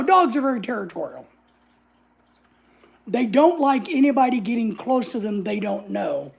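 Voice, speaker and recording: A woman's voice: mid-range voice, creaky, darkish tone, husky. A woman, telling a story in a casual vlog, sassy and blunt, swearing freely. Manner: sassy, blunt, swears freely, acts out other people's lines. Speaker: vlogger.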